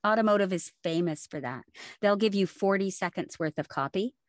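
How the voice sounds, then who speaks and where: A woman, chatting as a voice actor guest in an interview, lively and explaining with examples. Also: medium pitch, brisk, dry recording, studio quality. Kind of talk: casual interview chat.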